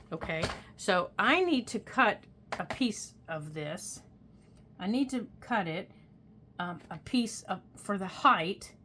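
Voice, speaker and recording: A woman's voice: medium pitch, a bit bright, slight background noise. An older woman chatting casually through a craft tutorial in a folksy, talk-to-herself way. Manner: chatty, folksy, talks to herself while working. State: hiccups. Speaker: craft vlogger.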